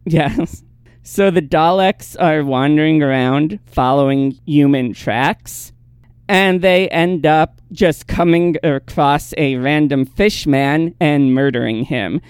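A man's voice: fairly high pitch, slow pace, clean tone, no echo, studio quality. A man hosting a podcast, casually recapping episodes and laughing easily between points. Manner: relaxed storyteller, laughs easily. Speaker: podcast host.

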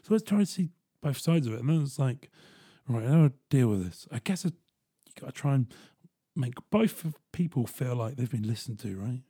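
A young man telling a personal story in a casual, animated way, swearing freely. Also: medium pitch, a little fast, breathy edge, no room sound, clean studio sound. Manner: animated, swearing, chuckling asides.

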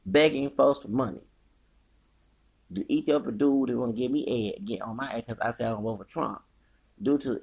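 A man with a gravelly, husky voice rants without a script, cursing and circling back to the same points. He swings between loud, heated outbursts and low, half-mumbled asides. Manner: rambling, profane, repeating himself. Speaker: podcaster. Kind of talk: angry unscripted rant.

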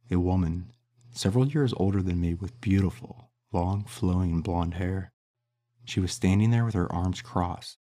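A man narrating an audiobook in a measured, steady reading. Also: sits low.

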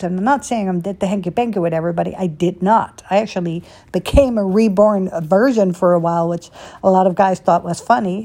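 A woman's voice: mid-range voice, vocal fry, mellow. A middle-aged woman hosting her own podcast, talking in a candid, chatty, motivational way. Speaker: podcast host. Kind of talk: casual monologue podcast.

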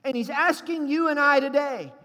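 A man's voice: very high voice, normal speed, sharp tone, big-room sound. A pastor preaching a sermon to his congregation in a church, emphatic and calling for responses.

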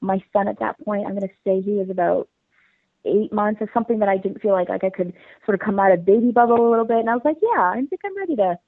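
A woman guest talks quickly and eagerly, piling up fillers as she tells her story, with a gravelly edge to her voice. The sound is dry and squeezed, like a phone line. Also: mid-range voice, fairly even intonation, no echo. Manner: fast, bubbly storytelling with many fillers. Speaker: interview guest. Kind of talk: casual interview.

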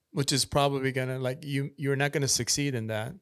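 A man's voice: mid-range voice, steady tone, normal speed, no room sound, studio quality. A man in a casual podcast chat, talking earnestly and repeating his key points like a preacher.

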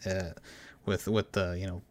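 A man's voice: low-pitched, flat delivery, measured pace, darkish tone. A man talking casually about a movie with friends, rambling with many fillers and restarts. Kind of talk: casual film discussion.

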